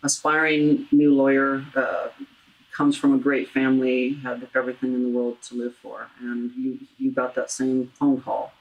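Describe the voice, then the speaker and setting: Deep-voiced woman hosting an earnest talk. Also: flat delivery, rough recording. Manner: earnest, halting, with many restarts. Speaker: talk show host. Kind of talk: heartfelt interview about grief.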